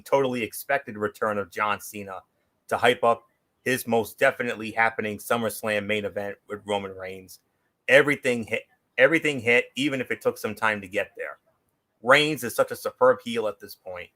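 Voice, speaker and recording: A man's voice: lowish voice, fairly bright tone. A man co-hosting a wrestling show, delivering a polished prepared review with wry, sarcastic asides. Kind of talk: prepared review read aloud.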